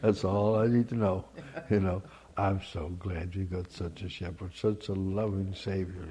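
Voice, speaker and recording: Man, preacher, husky voice, sermon, quiet musing broken by loud emphatic outbursts. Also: low voice, fairly even intonation, measured pace.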